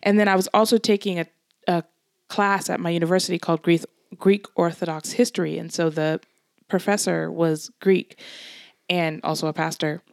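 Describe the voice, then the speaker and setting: Woman, podcast co-host, casual chatty storytelling, fairly low voice, dry close sound. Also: steady tone, normal speed, creaky, no room sound. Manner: chatty storyteller, laughs often. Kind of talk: casual chat.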